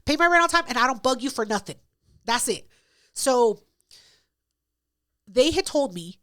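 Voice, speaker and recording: A woman's voice: high-pitched, sing-song, moderate pace, pauses often, pushed and bright, no echo, studio quality. A woman co-hosting a podcast, telling a story in a blunt, profane, casual way. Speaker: podcast co-host.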